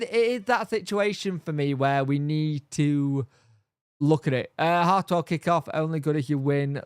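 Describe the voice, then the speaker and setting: A man's voice: fairly high pitch, clean tone, no room sound, studio quality. A man hosting a football fan channel, chatting casually on a live stream and thinking aloud with lots of fillers.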